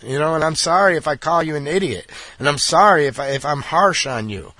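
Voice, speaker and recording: A man with a high voice rants angrily, blunt and repetitive, swearing as he goes. His voice sounds dry and close to the mic, with no room around it. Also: lively intonation, brisk, sharp tone, dry recording. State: angry. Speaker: political commentator. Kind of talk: angry monologue.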